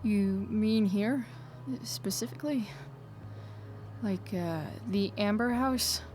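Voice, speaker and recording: A woman plays a sarcastic rebellious teenage girl in a video game. She talks slowly, wry and guarded, letting her words drag. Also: medium pitch, a little mellow, soft background music, close to an everyday voice.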